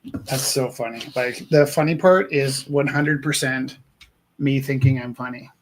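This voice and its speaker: While making art on a live stream, a man chats casually, musing aloud, rambling, and poking fun at himself. His voice is medium in pitch and unhurried.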